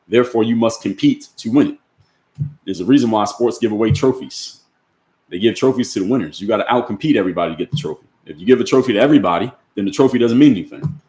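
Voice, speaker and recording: Reading chat aloud on his livestream, a man with a low, darkish voice gives blunt, opinionated replies framed as rhetorical questions. His room sounds echoey.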